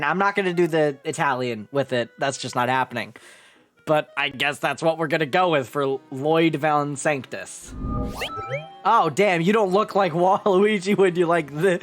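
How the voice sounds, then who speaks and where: A woman's voice: sits low, faint music behind. A young woman streaming a game live, chatting casually, swearing and poking fun at herself. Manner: chatty, swearing, self-mocking, quick laughs.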